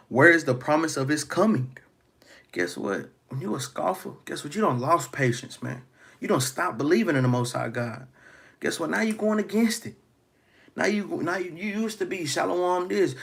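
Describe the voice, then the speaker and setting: A man preaching scripture, reading verses aloud and then breaking them down. His voice sits a little high and has a gravelly, husky grain. He keeps tagging his lines with "man" and "guess what?". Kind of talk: street-style scripture teaching.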